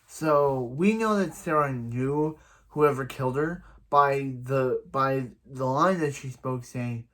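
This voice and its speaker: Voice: mid-range voice, slow pace, a bit bright. Give me a casual TV reviewer talking through an episode in a loose, rambling way. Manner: rambling, with many restarts and fillers; acts out quoted lines in other voices. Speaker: show reviewer.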